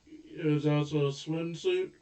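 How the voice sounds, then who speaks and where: A man's voice: fairly high pitch, steady tone, measured pace, dark tone. A man chiming in with short dry remarks during a casual show recap. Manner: short dry interjections, chuckles. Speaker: podcast co-host. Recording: echoey, distant, dull sound.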